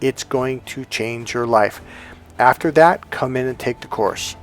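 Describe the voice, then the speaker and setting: A man's voice: medium pitch, a little slow, soft background music. A man coaching on life and dating, telling a personal story in a chatty, repetitive way. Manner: conversational, repeats "he goes" while retelling dialogue. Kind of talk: motivational storytelling monologue.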